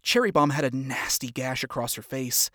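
A man narrating a dark story aloud with an expressive, dramatic delivery. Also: mid-range voice, normal speed, no echo, clean studio sound.

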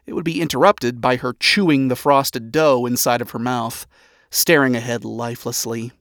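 Male storybook narrator, steady reading, medium pitch, dry close sound. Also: moderate pace, no room sound.

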